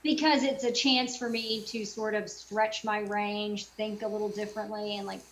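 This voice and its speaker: A woman's voice: mid-range voice, steady tone, normal speed, low-quality recording. A middle-aged woman voice actor chatting casually in an interview over a video call, with lots of fillers. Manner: chatty, many fillers and self-quotes. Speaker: voice actor guest.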